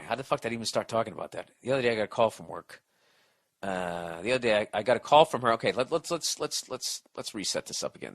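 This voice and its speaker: A middle-aged man hosting a podcast, ranting and giving advice in a profane, exasperated, sarcastic way. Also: on the low side. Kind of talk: ranting comedic podcast monologue.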